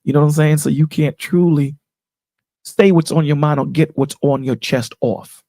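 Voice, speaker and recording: A man with a gravelly, husky voice, pitched a little high and dark in tone. He talks in a casual, preachy way and keeps checking in with his listener. The sound is dry and close, like a voice call. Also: fairly even intonation, moderate pace, no echo. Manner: preachy, emphatic, repeats "you know what I'm saying". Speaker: channel host on a panel call. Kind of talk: casual chat.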